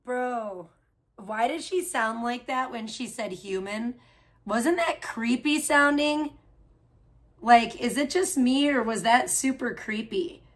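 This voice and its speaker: Rambly streamer lady, kinda high voice, laughs a lot and talks to chat. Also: takes it slowly. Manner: rambling, chatty, frequent laughs; reads and answers chat. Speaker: livestream host. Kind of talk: casual live-stream chat.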